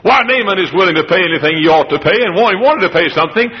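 A man preaching a revival sermon, acting out the people in the story and shouting at its high points. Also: animated, racing, in a large hall, highs cut off, slight background noise. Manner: dramatic, acts out the characters in the story, shouts at climaxes.

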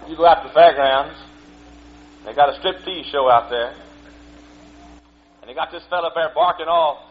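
A man preaching a fiery sermon in a church, swinging from low asides to shouted exclamations. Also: moderate pace. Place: church sanctuary. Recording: dull old tape recording with faint hum.

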